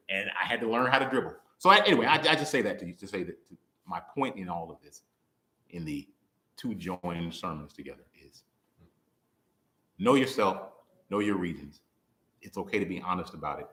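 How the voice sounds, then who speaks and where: A young man giving a conversational sermon, playful and animated, laughing often and acting out quick voices. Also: mid-range voice. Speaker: preacher. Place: church hall. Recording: roomy echo.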